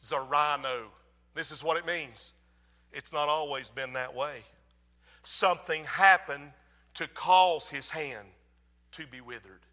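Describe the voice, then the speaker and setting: A male preacher, who swings between soft asides and shouted emphasis in his sermon. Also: a little high, slow pace, long pauses. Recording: long hall reverb.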